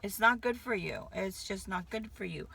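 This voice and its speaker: Her voice is mid-range, gravelly, pushed and bright with a breathy edge, and she speaks animatedly at a moderate pace. This Connecticut woman in her fifties has a light Southern drawl and vlogs to camera, rambling hyperactively from one thought to the next.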